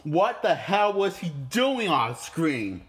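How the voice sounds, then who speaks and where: A man's voice: high voice, big pitch swings, slow, a bit bright. Indignant, profane man ranting. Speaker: movie critic. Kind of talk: ranting movie review.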